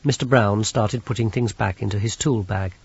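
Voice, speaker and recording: Male audiobook narrator, measured storytelling, husky voice, dry and dull lo-fi recording. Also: lowish voice, no room sound. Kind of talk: scripted narration.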